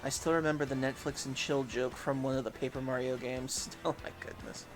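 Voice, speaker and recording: A man's voice: medium pitch, little pitch movement, fairly quick, music in the background. A man casually commentating as he plays a game on a live stream, chatty and laughing at his own jokes, with faint background noise.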